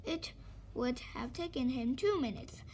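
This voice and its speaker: Brief: woman storyteller, high voice, expressive children's book read-aloud. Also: a little slow, a little hiss or hum. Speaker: storybook reader.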